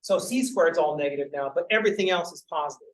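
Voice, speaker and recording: A man's voice: a little high, fast talker, low-quality recording. A young man lecturing math to a class, joking and rambling off topic, swearing casually as he goes.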